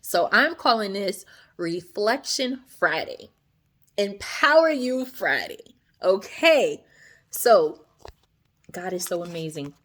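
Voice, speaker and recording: A woman giving a casual devotional talk to her viewers, chatty and animated, often asking "right?" and acting out quoted voices. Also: slow pace, pauses often. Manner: acts out quoted voices, often drops soft and low. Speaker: faith vlogger.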